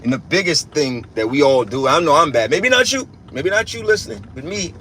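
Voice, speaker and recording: A man's voice: fairly high pitch, expressive, brisk, sharp tone, a little hiss or hum. A young man giving a casual spiritual rant as a religious teacher, emphatic and profane, repeating himself and restarting often.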